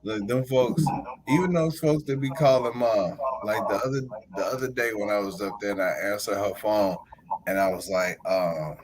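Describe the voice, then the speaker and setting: A podcast host in his forties tells stories in casual, animated chat, laughing often and acting out the callers he talks to. His voice is on the low side at a moderate pace, with background noise behind him.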